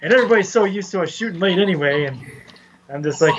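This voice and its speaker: A man's voice: high-pitched, animated, fast, background noise. A young man co-hosting a sports picks show, joking and chatty in a casual way and laughing often.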